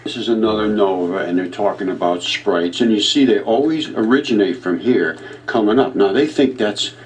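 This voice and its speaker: A man hosting his own channel, talking through his theories in a rambling, emphatic monologue that swings between low mutters and heated, aggrieved outbursts. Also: normal speed, a little hiss or hum. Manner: speculative, free-associating, restarts mid-thought. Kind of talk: rambling screen-share monologue.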